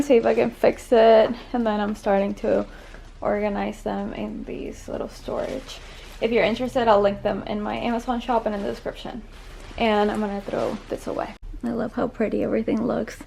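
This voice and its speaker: A woman's voice: on the high side, vocal fry, dark tone, slight background noise. A young woman chatting casually at home as she vlogs about decorating, gushing and saying "y'all" often. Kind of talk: casual vlog chat. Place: at home indoors.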